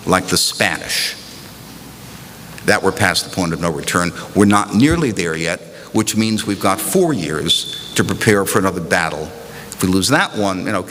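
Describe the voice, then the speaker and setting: A man's voice: low voice, fairly bright tone, a little hiss or hum. A man giving a conference panel speech, emphatic, building rhetorical lists, into a podium microphone. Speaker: panel speaker. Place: large hotel conference hall. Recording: echoey hall, faint ambience.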